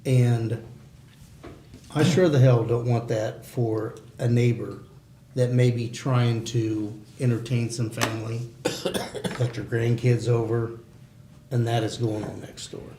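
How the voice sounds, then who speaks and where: A man's voice: mid-range voice, steady tone, takes it slowly, dark tone, a little hiss or hum. A man talking at a community meeting in a plainspoken way, heated in bursts. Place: meeting room. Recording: echoey meeting room.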